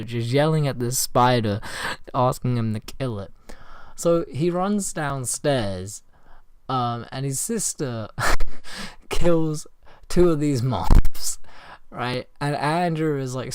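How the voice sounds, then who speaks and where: A man with a cold tells a story in a loose, rambling way. His voice is a bit hoarse but smooth underneath. The sound is dry and close to the mic. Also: mid-range voice, measured pace, dry recording. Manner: rambling, lots of fillers, laughs while telling. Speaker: vlogger. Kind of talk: casual storytime.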